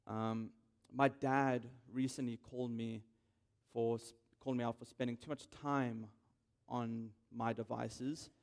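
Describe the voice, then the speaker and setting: A man's voice: medium pitch, little pitch movement, a little slow, darkish tone. A young man giving a prepared welcome speech on a conference stage, hesitant, with frequent ums. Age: young adult. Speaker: event organizer giving welcome.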